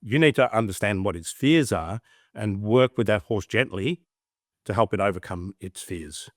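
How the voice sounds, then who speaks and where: A man's voice: lowish voice, normal speed, no room sound, clean studio sound. A middle-aged man with an Australian accent, speaking reflectively as a podcast guest and acting out little voices in his anecdotes. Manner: animated storyteller, acts out voices in anecdotes. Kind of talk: reflective interview talk.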